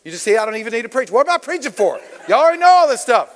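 High-voiced preacher in a reverberant hall. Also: male voice, sing-song, rapid-fire. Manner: playful, calls on the congregation, Southern "y'all". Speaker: guest preacher. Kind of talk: lively interactive sermon. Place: church.

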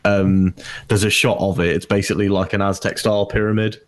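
A man with a somewhat low voice chats about films with friends on a podcast. He talks with eager enthusiasm, filling pauses with likes and ums as he rambles on. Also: level tone. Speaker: podcast co-host. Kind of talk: casual movie chat.

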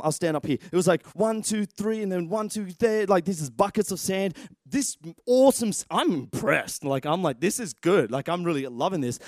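A man in his thirties preaching a sermon as pastor, telling stories with animated energy and sudden shouts. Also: a little high, dry recording, studio quality. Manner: animated storytelling, shouts at dramatic moments.

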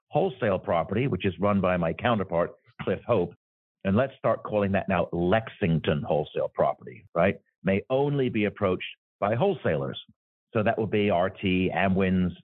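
An insurance executive with a low-pitched voice explains his business in an interview, often tagging his points with "right?" to check in. The remote audio is dry, phone-like, and without echo.

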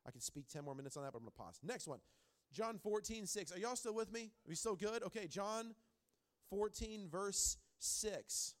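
A man in his thirties delivers a church sermon with a slightly high-set voice. He tells stories with animation and repeats key lines for emphasis. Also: expressive, moderate pace. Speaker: pastor.

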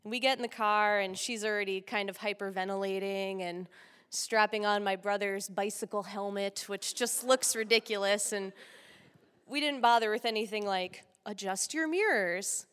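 A woman from Texas telling a comic story live, animated and laughing often. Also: mid-range voice, moderate pace, clean tone. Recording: long hall reverb.

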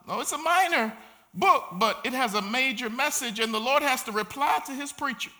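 A male pastor preaching a sermon, speaking with passion and sometimes building to shouts. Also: very high-pitched, expressive, moderate pace.

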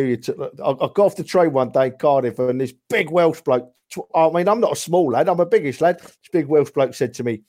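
Bloke guest, chatty storyteller, everyday pitch. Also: male voice, brisk, few pauses. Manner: animated storyteller, says "mate" and "right?" often. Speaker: podcast guest. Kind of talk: casual football chat.

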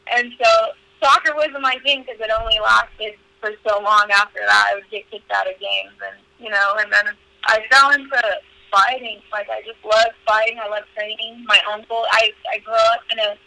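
Young woman guest on a podcast, super bright voice, dry close mic, swears a lot and says like constantly. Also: fairly high pitch, fairly even intonation, normal speed, vocal fry, dry recording, poor audio. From California. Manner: candid, profane, lots of "like" fillers. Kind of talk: casual storytelling interview.

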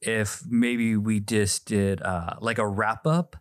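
A man's voice: lowish voice, steady tone, slow pace, no room sound, clean studio sound. A man hosting a casual podcast chat, playful and fond of wordplay. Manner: playful, wordplay and food banter. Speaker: podcast host.

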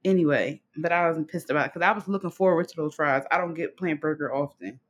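A woman's voice: low-pitched, fast, breathy edge. A woman co-hosting a podcast in casual chat, laughing often, swearing and telling stories with energy. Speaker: podcast co-host.

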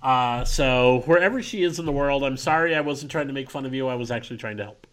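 A man co-hosting a casual podcast, telling a story in an animated way. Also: smooth. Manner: animated storytelling, quick pitch jumps. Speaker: podcast co-host.

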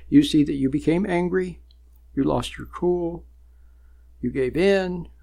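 A man's voice: fairly high pitch, vocal fry, a little mellow. A man giving a spoken talk about meditation on a program, in a conversational, repetitive way with frequent chuckles. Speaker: meditation teacher.

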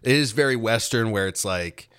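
A man's voice: fairly low pitch, moderate pace, a bit bright, clean tone, no room sound, studio quality. A young man hosting a casual podcast chat, recapping a show in a rambling, profane way and quoting lines in put-on voices. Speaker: podcast host.

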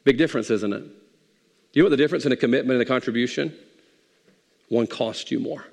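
A man's voice: mid-range voice, fast talker, creaky, a little mellow, in a large hall. A man preaching a sermon as pastor in a folksy, conversational way, in a church sanctuary.

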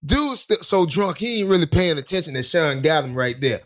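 A man with a high voice that swings widely in pitch. He tells a chaotic story in loose casual chat. He slips into shouted imitations of the people in it. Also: a little fast. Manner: lively, laughing, acts out shouted quotes. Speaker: podcast co-host telling a story. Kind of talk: animated storytelling with acted-out quotes.

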